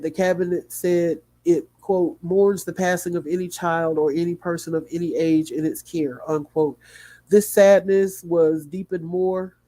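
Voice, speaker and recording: A man hosting a livestream, reading a news article aloud in a sleepy, yawning way, with small slips and quick asides to his chat. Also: on the high side, warm tone. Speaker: livestream host.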